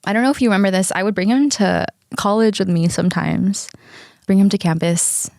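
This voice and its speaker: A woman in her thirties chats through a personal story, laughing often and swearing with ease. Her voice sits at a middle pitch and sounds close and dry, with no room around it. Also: a little fast, vocal fry, a little mellow, dry recording. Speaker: podcast co-host. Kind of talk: casual storytelling chat.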